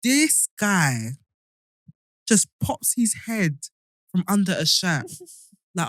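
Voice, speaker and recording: A woman, a podcast co-host, telling a story in an animated way and often laughing in casual chat. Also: medium pitch, slow pace, dry recording, studio quality.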